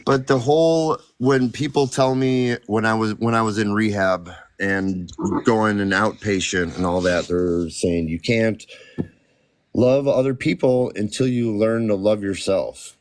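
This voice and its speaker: Candid man in his forties, low voice. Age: 40s. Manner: candid, halting, restarts mid-word when emotional. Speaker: podcast guest. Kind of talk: casual chat.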